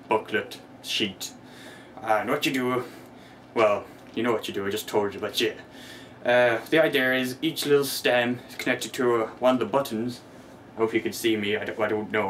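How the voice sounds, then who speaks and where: A boastful, bumbling pirate captain, as a man puts him on, reviews a gadget in a weak pirate accent, at a middling pitch. He rambles, tosses in stray growls and mocks himself along the way. It sounds like his own room, picked up by a camera mic with a faint hiss behind. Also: fairly bright tone, close to an everyday voice. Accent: weak put-on pirate accent. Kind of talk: in-character product review.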